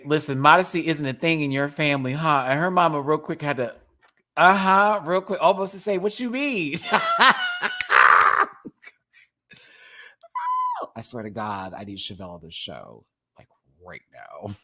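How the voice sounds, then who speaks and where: A man's voice: mid-range voice, a bit bright. A man from Texas giving a sassy, casual commentary on a drag competition, full of drag slang. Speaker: drag show reviewer.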